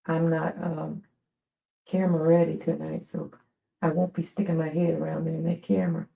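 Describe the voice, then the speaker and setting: American woman, stream host, chatty anecdotal storyteller, gravelly, muffled lo-fi audio. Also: low voice, normal speed. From United States. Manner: chatty, digressive, animated storyteller. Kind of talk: casual storytelling on a live stream.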